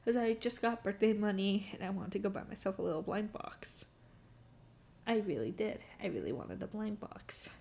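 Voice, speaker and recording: Young woman streamer with a gravelly edge. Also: medium pitch, moderate pace, a little mellow, slight background noise. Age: young adult. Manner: rambling, full of "like" and "um", laughing often. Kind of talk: casual storytelling while drawing on stream.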